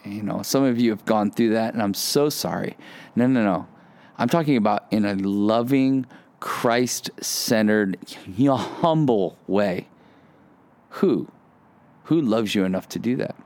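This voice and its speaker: A man's voice: on the low side, unhurried. A man giving a conversational sermon, telling a personal story and acting out the dialogue in it. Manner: storytelling, animated, acts out quoted dialogue. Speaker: pastor.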